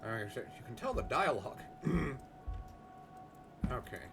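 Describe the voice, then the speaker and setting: A young man giving excitable, jokey let's-play commentary, swearing casually. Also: mid-range voice, measured pace, creaky, over music. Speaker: gaming host.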